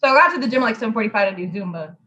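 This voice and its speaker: A young woman tells a story in a loud, profane, animated way. Her voice sits high and rings bright and sharp. The recording is a little muffled. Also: rapid-fire. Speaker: host. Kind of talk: casual chat.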